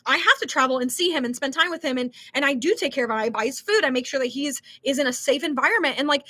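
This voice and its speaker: Bright, high-voiced giggly young woman. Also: expressive, fast talker. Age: young adult. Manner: chatty, giggly, lots of ums and likes. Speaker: livestream host reading chat. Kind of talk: casual live chat.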